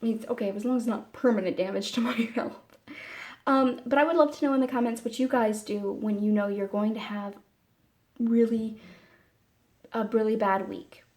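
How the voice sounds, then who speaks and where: A woman talking casually to camera in a personal vlog, meandering and halting, with many fillers and restarts. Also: a little high, fairly even intonation. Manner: soft and candid. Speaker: vlogger.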